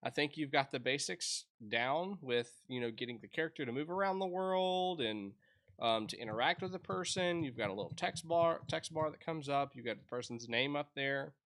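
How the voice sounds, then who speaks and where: A man casually reviews an indie game as he plays, his talk chatty and full of restarts. His voice sounds bright and forward. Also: fairly high pitch, normal speed. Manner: rambling, chatty, self-interrupting. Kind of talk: casual let's-play commentary.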